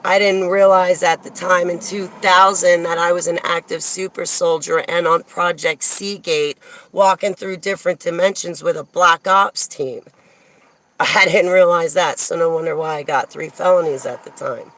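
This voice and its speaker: A woman's voice: on the low side, steady tone, moderate pace, fairly bright tone, poor audio. A woman from New Jersey telling a rambling personal story in a casual monologue, digressing often and laughing as she goes.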